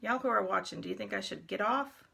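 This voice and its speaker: A woman's voice: mid-range voice, fast, creaky, background noise. A middle-aged woman chatting casually with her viewers during a live makeup tutorial, talking them through each step. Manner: chatty, talks to viewers while applying makeup. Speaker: makeup vlogger.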